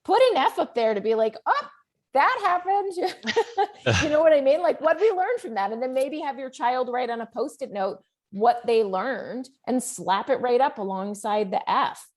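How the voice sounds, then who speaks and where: A middle-aged woman talking as a guest author in an interview, candid and animated, with plenty of fillers as she tells her story. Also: a little high, moderate pace, hardly any pauses. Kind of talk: conversational interview.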